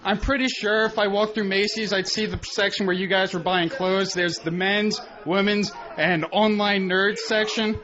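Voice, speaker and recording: A man's voice: high-pitched, fairly even intonation, normal speed, few pauses. A man doing an awkward, self-deprecating stand-up set on a club stage into a handheld mic. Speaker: amateur stand-up comic. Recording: muffled radio broadcast, live crowd.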